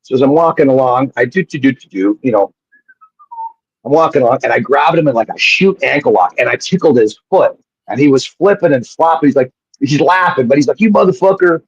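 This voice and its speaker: A man, a former pro wrestler appearing as a guest, telling animated and profane stories in a casual way, often restarting his sentences. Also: mid-range voice, fairly quick, husky, no room sound. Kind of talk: casual storytelling on a live show. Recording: dull lo-fi sound.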